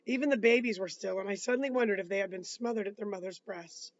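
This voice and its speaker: A man's voice: high-pitched, fast talker, lo-fi sound, a little hiss or hum. A man reading a novel aloud, breaking off for casual asides and restarting words. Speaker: reader.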